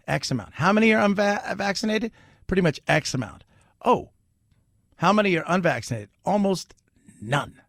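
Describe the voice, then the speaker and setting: A man's voice: high-pitched, very animated, moderate pace, creaky, long pauses, fairly bright tone, dry recording. A male talk radio host with a slightly raised voice, riffing in a wry, sarcastic way. He is recorded close on a studio mic in a dry, dead room. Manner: wry and sarcastic, laughs at his own asides. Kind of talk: casual talk radio commentary.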